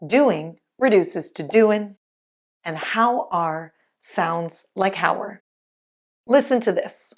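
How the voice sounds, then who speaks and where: A woman teaching English pronunciation in a scripted lesson, speaking carefully and enunciating clearly. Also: mid-range voice, animated, takes it slowly.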